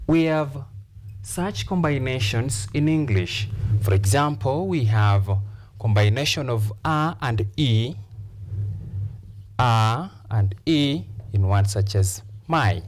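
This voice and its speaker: A man's voice: mid-range voice, expressive, slow pace, slight background noise. A man with a Kenyan accent teaching an English lesson, repeating key phrases and stressing words emphatically. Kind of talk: classroom lesson.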